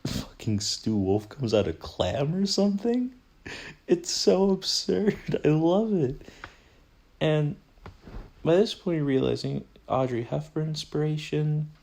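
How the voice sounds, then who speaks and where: A man's voice: on the low side, creaky, darkish tone. A young man hosting a podcast, rambling through a casual and profane film commentary and often correcting himself. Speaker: podcast host.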